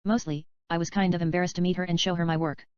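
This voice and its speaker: A chatty, daydreaming male screenwriter, read aloud by a woman talks his way through his ideas. The voice is smooth and a little low, with no real change for the part. The sound is dry and close, and a bit dull and lo-fi. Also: flat delivery, quick pace, a little mellow, dry recording, lightly acted. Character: adult male screenwriter, dreamy and rambling. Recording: dull, slightly lo-fi dry recording.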